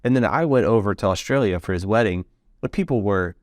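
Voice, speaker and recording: A man's voice: on the low side, a little fast, no room sound, studio quality. An American man hosting a podcast, chatting enthusiastically with lots of fillers. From United States. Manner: enthusiastic, rambling, filler-heavy. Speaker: podcast host. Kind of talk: casual interview chat.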